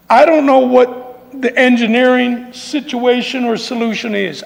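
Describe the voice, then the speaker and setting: Man, gravelly, emotional public commenter, long reverb. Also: very high-pitched, steady tone, a little slow. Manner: emotional, folksy, repeats phrases, says y'all. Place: council chamber.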